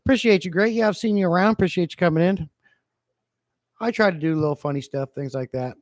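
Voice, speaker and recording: A man's voice: high-pitched, quick pace, no room sound. Playful rambling male livestreamer, dry sound. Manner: playful, rambling, jokey with chat. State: a bit low-energy. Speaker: fish-keeping livestreamer. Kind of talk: casual livestream chat reading comments. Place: home fish room.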